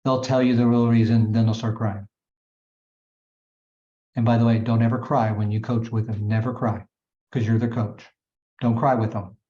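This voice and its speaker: A man's voice: lowish voice, little pitch movement, moderate pace, pauses often, dark tone. A man giving a motivational coaching talk to his team, emphatic and repetitive, calling them gang and guys. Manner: emphatic, repetitive, punchy sound words; addresses listeners as gang and guys. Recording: dull echoey room recording.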